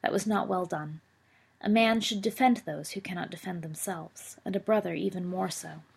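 A woman voicing a kindly middle-aged uncle who speaks quietly and gently to his nephew in a storybook. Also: fairly low pitch, moderate pace, gravelly, slightly rough, full character voice. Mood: gentle.

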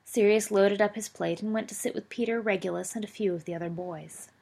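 A woman reading a story aloud as a narrator, in a steady, expressive way. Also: mid-range voice, a little fast, vocal fry. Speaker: audiobook reader.

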